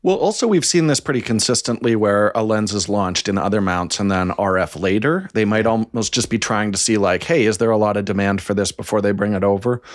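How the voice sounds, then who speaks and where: A man with a low voice co-hosts a relaxed podcast and chats easily with the others. The sound is dry and close to the mic. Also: brisk, few pauses, no echo. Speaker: podcast co-host. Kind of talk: casual podcast chat.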